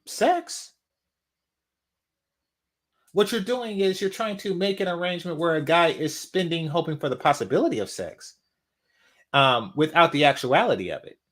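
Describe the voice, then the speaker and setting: A man hosts a mocking reaction commentary, hammering his points again and again. His voice sits high and bright, with a wide, restless range. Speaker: commentary channel host.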